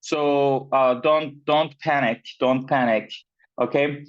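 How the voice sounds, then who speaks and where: Male pronunciation teacher, slow and patient, filler-heavy, lo-fi video-call sound. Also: mid-range voice, steady tone. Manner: slow, with many fillers and repeated words, checking in with "right?". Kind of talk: online class lesson. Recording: dull, lo-fi sound.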